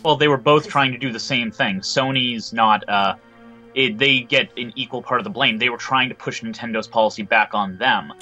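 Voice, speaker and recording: A man on a casual podcast panel, explaining and correcting details in a measured way. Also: mid-range voice, bright, forceful tone, faint music behind.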